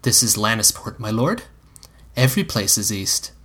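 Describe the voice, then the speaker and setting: A man's voice: fairly low pitch, very animated, normal speed, fairly bright tone. A man playing a bold, teasing woman. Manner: teasing, coy. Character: tall, teasing adult woman, bold and flirtatious.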